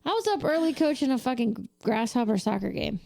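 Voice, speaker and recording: A woman's voice: a little high, expressive, a little fast, gravelly, dark tone, no room sound, studio quality. A woman co-hosting a casual podcast chat, drowsy and laid-back, stifling yawns and swearing casually. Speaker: podcast co-host.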